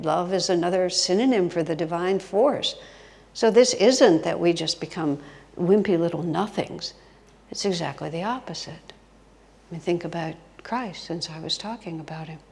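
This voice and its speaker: This woman's voice sits on the low side, creaky and a little mellow, at a moderate pace. Teaching as a guest at a retreat hall, she tells stories expressively during a spiritual talk and whispers for emphasis. The recording carries long hall reverb.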